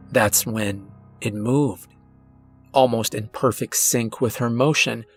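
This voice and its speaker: A man narrating a horror story in a deliberate, suspenseful way. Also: mid-range voice, breathy edge. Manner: slow, deliberate, suspenseful delivery.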